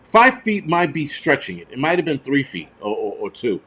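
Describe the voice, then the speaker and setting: A man's voice: medium pitch, huge pitch swings, normal speed, a bit bright, slightly rough. A man, hosting a prepper channel and telling stories in a heated, profane, rambling rant. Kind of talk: casual ranting monologue.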